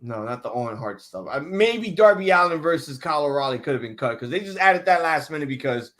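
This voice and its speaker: Excitable high-voiced man, swearing freely. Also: a little fast. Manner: excitable, profane, frequent restarts. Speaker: podcast host. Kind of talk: casual wrestling reaction chat.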